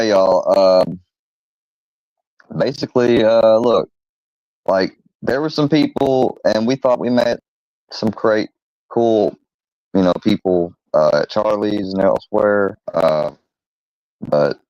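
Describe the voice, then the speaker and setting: A man hosting his own channel, rambling defensively with many fillers and pauses as he rants casually. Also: fairly low pitch, a little mellow, no echo. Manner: rambling, halting, full of fillers; defensive, irritated. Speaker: channel host. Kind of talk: rambling casual vlog rant. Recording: dull lo-fi close recording.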